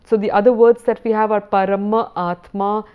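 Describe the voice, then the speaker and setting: A woman lecturer talks through a recorded university lesson in a patient, explanatory way. Her voice sits at a middle pitch. The recording sounds a little dull and lo-fi. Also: level tone, smooth. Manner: patient, explanatory, reads verse slowly.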